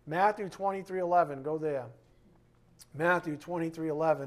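A man with a high voice teaches a bible lesson from a board. He is emphatic and leans on key words. He slows down to read scripture and drops his voice low for quiet asides.

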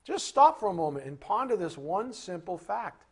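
A man giving a sermon as a Bible teacher, animated, asking rhetorical questions and acting out little scenes. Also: high-pitched, normal speed, husky.

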